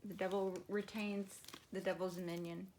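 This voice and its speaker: A woman's voice: medium pitch, little pitch movement, normal speed, a little mellow, a little hiss or hum. A woman doing a casual tarot reading for her viewers, musing aloud and laughing often. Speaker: tarot reader.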